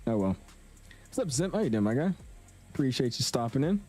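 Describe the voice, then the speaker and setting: A man's voice: mid-range voice, sing-song, a little fast, darkish tone, breathy edge, faint music behind. A young man chatting casually with viewers on a live stream, slangy and talkative. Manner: chatty, slangy, reads chat aloud. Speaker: flight sim streamer.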